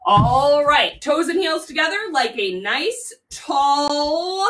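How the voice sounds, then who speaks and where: A woman teaching a children's yoga class in an animated, playful, sing-song way. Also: high-pitched, slow, recorded from a distance.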